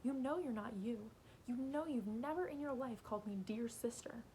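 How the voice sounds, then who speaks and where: A woman's voice: on the high side, moderate pace, dark tone, a little hiss or hum, lightly acted, low-quality recording. A woman reading aloud as a stubborn, frightened teenage girl who talks back defiantly. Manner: defiant, emphatic.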